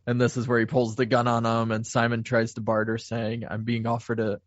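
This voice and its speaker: A man co-hosting a podcast who recaps a film plot at a steady pace, with fillers. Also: mid-range voice, a little fast, no echo. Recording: dry, dull lo-fi remote audio.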